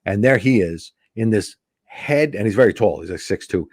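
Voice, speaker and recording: Man, comedian guest, storytelling, lowish voice, dry sound. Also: normal speed, dry recording. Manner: animated anecdote teller acting out quoted dialogue. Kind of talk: casual storytelling.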